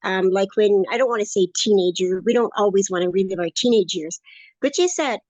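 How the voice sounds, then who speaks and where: A woman in her late sixties is a course student being interviewed, chatting in an upbeat, rambling way. Her mid-range voice is brisk and a little mellow. The recording is muffled with no echo.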